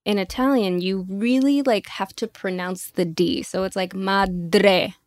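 A woman's voice: mid-range voice, normal speed, a little mellow, no room sound. Chatty woman on a dry mic. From Florida. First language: Spanish. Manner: chatty, laughs easily. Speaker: podcast guest. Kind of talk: casual chat.

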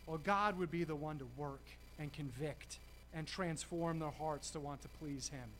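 A man preaching a sermon, emphatic, slowing and stressing key words with dramatic pauses. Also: fairly high pitch, a bit bright, a little hiss or hum.

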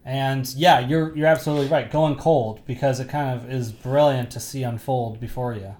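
Male podcast co-host, casual film talk, eager and rambling, mid pitch. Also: steady tone, normal speed, darkish tone. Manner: enthusiastic, rambling with restarts. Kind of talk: casual movie chat.

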